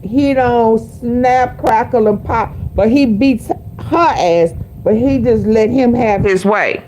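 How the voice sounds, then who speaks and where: A woman's voice: a little high, takes it slowly, few pauses, darkish tone, a little hiss or hum, rough recording. A woman hosting a vlog, giving blunt, profane commentary over a played clip. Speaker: host. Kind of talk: casual commentary.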